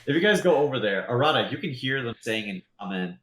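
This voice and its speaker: A man's voice: medium pitch, lively intonation, quick pace, fairly bright tone, a little hiss or hum. A man narrating as game master in a tabletop game, rambling with lots of fillers. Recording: roomy echo.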